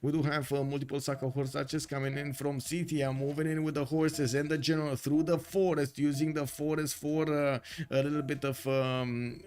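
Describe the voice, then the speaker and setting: Man casting a strategy game. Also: on the high side. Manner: excitable play-by-play with many filler pauses. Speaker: esports caster.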